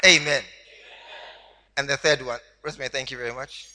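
A man preaching a sermon to a congregation, animated and teasing, laughing along with them. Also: medium pitch, fairly quick. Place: church hall. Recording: long hall reverb.

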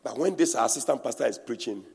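A man preaching a sermon, animated and teasing, breaking into laughter and acting out what people say. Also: medium pitch, fast, vocal fry. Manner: animated preaching with laughter and mimicry of church talk. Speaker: pastor. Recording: reverberant hall.

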